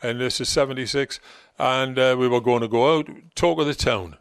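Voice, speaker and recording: A man's voice: medium pitch, moderate pace, smooth, dry recording, clean studio sound. An older man with a Geordie accent, a former football manager telling long rambling stories as a guest, with many ums and restarts. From North East England. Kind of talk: relaxed anecdotal storytelling.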